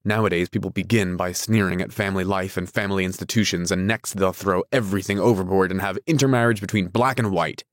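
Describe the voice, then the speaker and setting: A deep-voiced arrogant rich man sneers and snaps, as a male reader plays him. He sounds incredulous and insulting. The recording is close and dry. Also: steady tone, fast talker, hardly any pauses, no echo, natural voice. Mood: scornful. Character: arrogant wealthy man, scornful and bullying.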